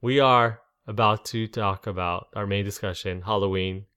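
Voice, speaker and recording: A man's voice: lowish voice, steady tone, moderate pace, very noisy. A man co-hosting a casual movie podcast, rambling, tripping over names and laughing at his own jokes. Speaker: podcast co-host. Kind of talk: casual movie review chat.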